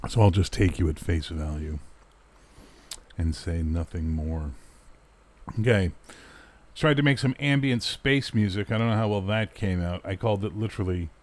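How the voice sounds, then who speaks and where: A man's voice: low-pitched, lively intonation, normal speed, pauses often, darkish tone. A man from Canada hosting a casual chat show, rambling sarcastically and swearing freely while he answers viewers. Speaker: talk show host. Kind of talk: casual livestream chat reading viewer comments.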